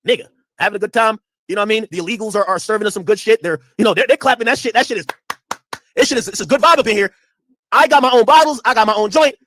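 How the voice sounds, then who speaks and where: A man's voice: sits high, no room sound, studio quality. A man streaming casual commentary, telling a story in a loose, profane way and acting out the people in it. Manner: animated, profane, acts out quotes.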